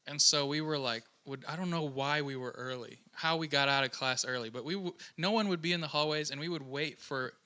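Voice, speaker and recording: Bright-voiced young man telling stories. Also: fairly high pitch, brisk, few pauses, clean tone. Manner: rambling storyteller, many fillers and restarts. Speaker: podcast host. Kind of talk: casual chat.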